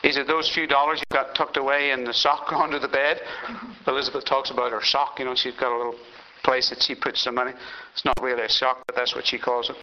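Male pastor, storytelling sermon, emphatic builds; very bright tone, dull recording. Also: medium pitch, level tone, fast, slight background noise.

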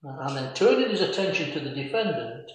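A man's voice: on the high side, animated. Preacher man in a very echoey room. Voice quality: quotes scripture in old-fashioned formal phrasing. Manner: measured and reflective, with frequent "uh" fillers. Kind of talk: expository sermon on a Bible passage.

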